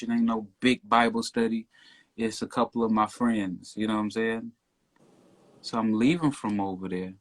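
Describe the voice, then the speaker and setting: A man telling a story as a podcast guest in casual talk, getting loud and worked up as he retells it. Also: on the low side. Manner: animated, rising to near shouting when retelling the stop.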